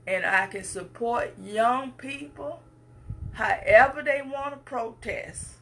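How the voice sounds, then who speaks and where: Her voice sits on the high side and a bit bright, and she takes her time. The woman, in her 50s, is giving an impassioned public speech, pressing her points through repetition in the cadence of a preacher.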